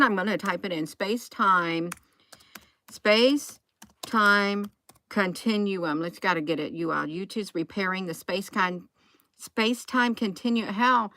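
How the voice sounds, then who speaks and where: A woman's voice: medium pitch, pushed and bright, no echo. A woman vlogging into her phone, thinking aloud in a casual, rambling way and often restarting her sentences.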